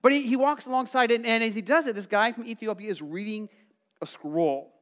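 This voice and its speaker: Middle-aged male pastor, high and animated, chatty sermon delivery. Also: brisk. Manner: conversational, animated, acts out quotes; calls for congregation responses.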